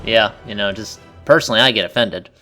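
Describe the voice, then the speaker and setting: A man's voice: lowish voice, fast, soft background music. A man chatting and joking casually while commenting on someone else's game playthrough. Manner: joking, animated, laughs often. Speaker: co-commentator on a gameplay video. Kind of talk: casual gaming banter.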